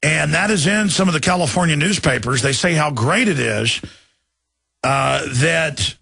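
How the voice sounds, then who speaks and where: A man's voice: fairly high pitch, animated, measured pace, vocal fry, bright, forceful tone, husky, no room sound. A man hosting a talk radio show, delivering an urgent, indignant monologue and pleading with his listeners.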